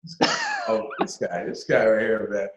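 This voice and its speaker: A man speaking as a guest in a casual conversation, animated and motivational, often repeating words for emphasis. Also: fairly low pitch, normal speed, echoey room, highs cut off, a little hiss or hum. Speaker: podcast guest. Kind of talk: casual video-call conversation.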